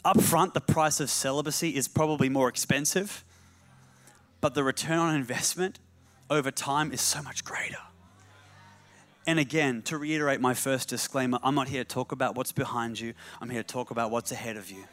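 A man's voice: medium pitch, steady tone, a little fast, a bit bright. A man preaching a sermon, repeating key phrases for emphasis and slipping in humorous asides.

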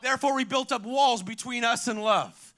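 A middle-aged man preaches with real fire, his voice pitched strikingly high and ringing bright. He tells stories and keeps calling out to the congregation as he goes. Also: moderate pace. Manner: preaching with call-outs to the congregation, storytelling. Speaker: pastor. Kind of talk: energetic sermon.

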